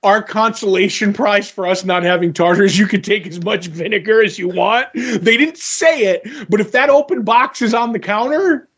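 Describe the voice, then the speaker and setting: High, husky-voiced man telling a story. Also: normal speed, few pauses, lo-fi sound. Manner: animated storyteller, swears, acts out quoted people. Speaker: podcast co-host. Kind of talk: casual chat.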